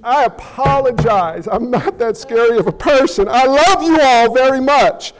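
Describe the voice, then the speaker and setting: A man's voice: very high voice, lively intonation, moderate pace, low-quality recording. A man preaching a sermon as pastor, talking conversationally and playfully while questioning his congregation.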